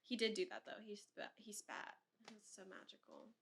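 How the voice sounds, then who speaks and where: Bright-voiced young woman, rambling chat. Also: mid-range voice, brisk. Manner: rambling, heavy use of "like", laughs often. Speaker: podcast host. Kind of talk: casual chat.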